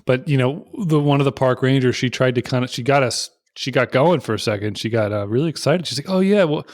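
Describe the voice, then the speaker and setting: A man co-hosting a podcast in a relaxed, casual chat, chiming in and acting out what others said. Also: mid-range voice, a little fast, no echo, studio quality. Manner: easygoing, chiming in and acting out quotes. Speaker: podcast co-host.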